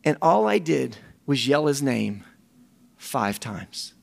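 Earnest man with a gravelly voice. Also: medium pitch, slow pace. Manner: animated and earnest, repeats words. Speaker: ministry director and speaker. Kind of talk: storytelling sermon talk.

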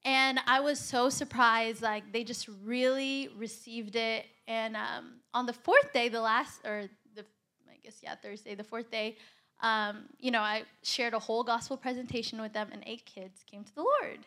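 A woman's voice: a little high, fairly even intonation, normal speed, pushed and bright. A young woman giving a casual spoken testimony, earnest and chatty, with a constant "like" in her speech. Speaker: church volunteer sharing a testimony.

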